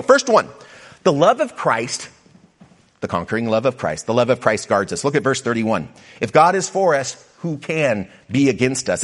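A middle-aged pastor preaching a sermon, with conversational asides to the congregation. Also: male voice. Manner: animated preaching, pitch rising for emphasis and dropping low.

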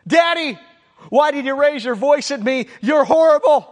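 A man's voice: very high voice, expressive, moderate pace, voice pushed up. A man voicing a whiny little child who accuses their father of being mean, in a reverberant hall.

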